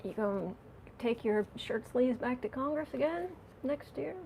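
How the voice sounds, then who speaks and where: A woman's voice: fairly high pitch, animated, moderate pace, creaky, very noisy. Chatty woman reading tarot cards. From United States. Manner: chatty, giggly, talks to viewers and herself. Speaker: tarot reader. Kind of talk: casual political tarot reading.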